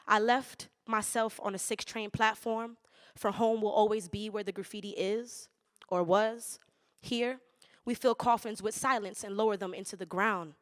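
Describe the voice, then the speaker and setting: Spoken word poet, rhythmic and loose. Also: female voice, medium pitch, fairly bright tone. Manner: loose, laughing, swearing banter between poems; measured rhythmic delivery in poems. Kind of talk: spoken word poetry performance with casual chat between poems.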